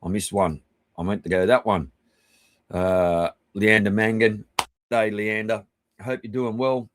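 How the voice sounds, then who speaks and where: An Australian man hosting a live stream, giving rambling, chummy shout-outs to viewers and swearing casually. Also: on the low side, fairly even intonation, unhurried. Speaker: livestream host.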